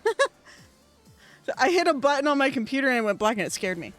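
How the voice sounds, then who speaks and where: Rambling excitable woman gaming commentary. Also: high voice, quick pace, faint music behind. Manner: rambling, filler-heavy, excitable. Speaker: gaming streamer. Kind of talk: casual let's-play commentary. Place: at home at a computer. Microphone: desk microphone.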